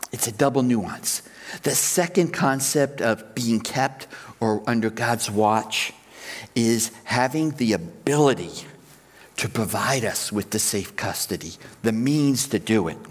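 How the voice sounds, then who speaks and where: A man's voice: medium pitch, long reverb tail. A man preaching a sermon as pastor, explaining his points step by step and counting ideas out in threes.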